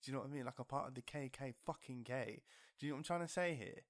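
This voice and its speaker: A man's voice: medium pitch, racing, dry recording, clean studio sound. A man on a podcast, arguing insistently in casual chat, swearing and repeating himself. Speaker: podcast co-host. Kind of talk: heated casual argument.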